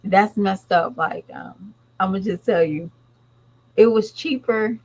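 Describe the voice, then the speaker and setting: On a low-quality recording, a woman who vlogs and is a parent takes her time, her pitch medium, as she chats casually with viewers. Her commentary is blunt and rambling, aimed right at them.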